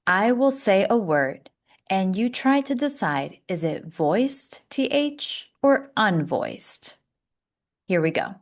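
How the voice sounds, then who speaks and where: Woman, pronunciation teacher; very slow, carefully drawn-out words, encouraging, lowish voice. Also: animated. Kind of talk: slow, clear pronunciation lesson.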